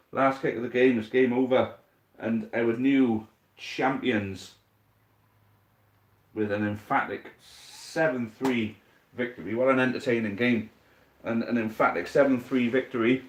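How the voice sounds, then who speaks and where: A man with a mid-range voice calls a tabletop dice football final live, his commentary lifting with each big roll. He talks to his viewers like mates between plays, with a faint hiss of noise and the odd click behind him. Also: mid-range voice. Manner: excitable commentary, rising at big moments, addressing viewers as mate. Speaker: host commentating a dice football game on a stream.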